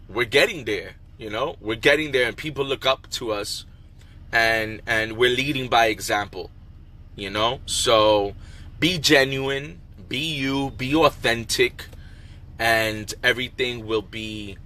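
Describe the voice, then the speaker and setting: A man who owns a restaurant, talking casually and warmly to his followers, encouraging them with lots of fillers. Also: mid-range voice. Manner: heartfelt, encouraging, many fillers. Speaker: restaurant owner. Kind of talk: casual motivational vlog. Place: in a car, then a wholesale store.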